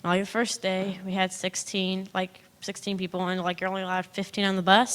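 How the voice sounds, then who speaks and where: A young woman giving a personal testimony in church, chatty and animated, acting out what people said with sudden pitch jumps and nervous laughs. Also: fast, hardly any pauses.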